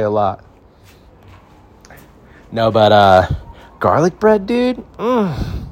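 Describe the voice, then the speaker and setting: Young man, californian, podcast host, casual rambling storytelling, swears freely, lowish voice. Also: sing-song, moderate pace, pauses often. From California, United States.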